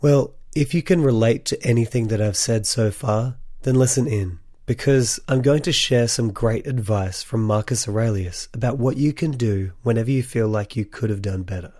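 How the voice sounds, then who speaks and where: A man's voice: mid-range voice, normal speed, hardly any pauses, warm tone, dry recording, clean studio sound. A man hosting a solo podcast, speaking earnestly and encouragingly to his listeners in a voice still sick from a cold. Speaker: podcast host.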